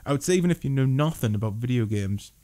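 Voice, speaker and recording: A man's voice: medium pitch, expressive, fast, warm tone. A man casually reviewing a film with a friend, rambling, restarting often and laughing a lot.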